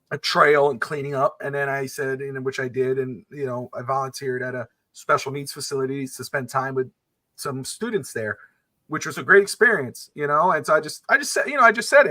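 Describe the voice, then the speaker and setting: Fast-talking animated storyteller man. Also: mid-range voice, no room sound. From Miami area. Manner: animated storyteller acting out both sides of conversations. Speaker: podcast co-host. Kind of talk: casual storytelling chat.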